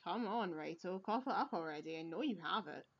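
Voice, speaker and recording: A woman's voice: fairly low pitch, expressive, fairly quick. A woman voicing a smug, menacing older male police chief who gloats and laughs heartily, read aloud from a video game. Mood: gloating. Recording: lo-fi recording.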